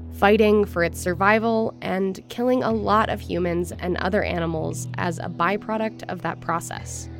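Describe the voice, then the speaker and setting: A woman host delivering scripted narration with a clear, polished manner. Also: medium pitch. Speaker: podcast host.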